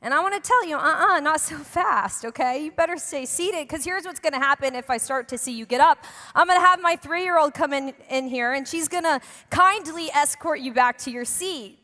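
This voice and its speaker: Bright high woman preaching in a hall. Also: moderate pace, hardly any pauses. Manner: chatty and joking with the congregation. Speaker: pastor. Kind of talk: sermon. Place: church hall. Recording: long hall reverb.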